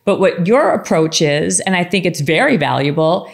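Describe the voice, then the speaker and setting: A woman's voice: on the low side, expressive, moderate pace, creaky. A woman hosting a podcast, chatting casually and affirming her guest. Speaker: podcast host. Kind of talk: casual interview chat.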